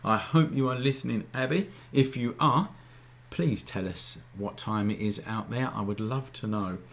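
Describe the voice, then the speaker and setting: A man's voice: medium pitch, moderate pace. A man, hosting a live photography Q&A in a chatty, informal teaching style that keeps checking in with the viewers. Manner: chatty, keeps asking "all right?"; informal, relaxed wording. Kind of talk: casual live-stream teaching.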